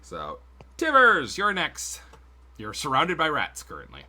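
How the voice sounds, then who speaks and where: Male game master, casual and profane, bright tone, animated delivery. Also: fairly high pitch, unhurried. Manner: casual, swearing, laughs often. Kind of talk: narrating a tabletop game on stream.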